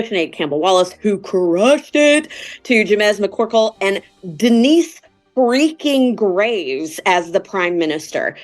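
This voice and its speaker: A woman hosting a casual opera podcast, talking in an enthusiastic, joking way. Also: fairly low pitch. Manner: enthusiastic, jokey. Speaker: podcast host.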